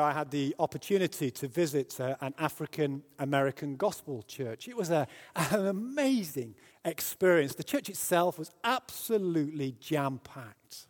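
A man from Britain preaching a sermon, telling a story and building to loud, emphatic peaks. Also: on the high side. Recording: long hall reverb.

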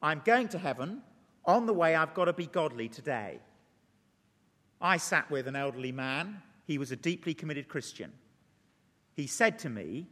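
A man's voice: fairly high pitch, sing-song, bright, forceful tone. Earnest male preacher in a reverberant church. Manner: earnest, pleading appeals; slow, deliberate when leading prayer. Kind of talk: sermon. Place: church service. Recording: long church hall reverb.

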